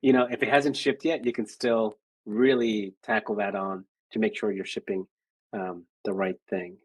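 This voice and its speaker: A man's voice: lowish voice, fairly even intonation, normal speed, slightly rough, no room sound, low-quality recording. A man speaking as a guest design lead on a video call, talking energetically with lots of fillers. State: out of breath. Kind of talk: virtual presentation and Q&A.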